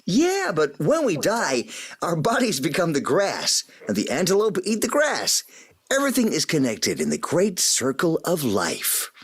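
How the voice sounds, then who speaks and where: Brief: man voicing a calm, noble lion father, measured delivery that swings widely in pitch. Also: breathy edge, exaggerated voice. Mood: solemn. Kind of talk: live staged script reading.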